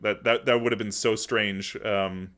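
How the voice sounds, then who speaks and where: A man's voice: on the low side, fairly even intonation, a little slow, fairly bright tone. A man co-hosting a podcast in casual chat, laid-back, swearing casually and laughing often. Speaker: podcast co-host.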